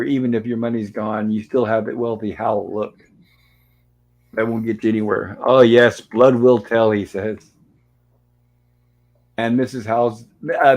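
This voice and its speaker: A man's voice: mid-range voice, darkish tone, poor audio. A man hosting a show, casually retelling old TV episodes scene by scene, reading the characters' lines aloud and adding dry asides. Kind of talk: casual recap and commentary.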